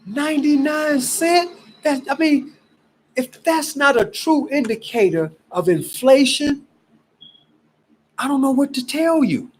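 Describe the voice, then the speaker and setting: A man from Cleveland, Ohio, giving an emphatic, exasperated casual pitch about gold and prices. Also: slow, pauses often, a little hiss or hum, low-quality recording. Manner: emphatic, exasperated, animated preaching. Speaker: gold promoter. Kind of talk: casual selling pitch to camera.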